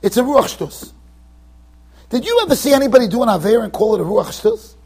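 A man with a Yeshivish American accent giving a lively Torah lecture in a yeshiva study hall, acting out his examples with sudden shouts. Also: extremely high pitch, fast talker, slightly rough. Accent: American Orthodox Jewish, Yeshivish. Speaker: rabbi giving a Torah class.

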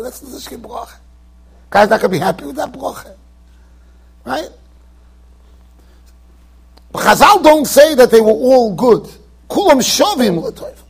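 Teaching Torah in a yeshiva study hall, this man speaks in a remarkably high and husky voice. His delivery is emphatic and full of rhetorical questions, and he repeats phrases again and again. As he develops his reasoning, he frequently stumbles and starts over quickly.

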